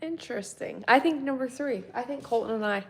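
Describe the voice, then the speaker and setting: A woman's voice: fairly high pitch, lively intonation, a little fast, fairly bright tone. A woman in her thirties, a mother of three boys, chatting casually and rambling to viewers from her kitchen with a phone mic while doing chores, laughing often. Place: home kitchen.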